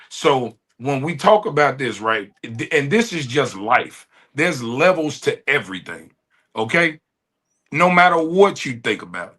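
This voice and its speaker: A man with a Chicago accent and a raspy, bright-edged voice makes his case on a video-call panel. He talks bluntly and keeps checking in with "okay?" as he builds his point. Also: mid-range voice. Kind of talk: heated panel debate.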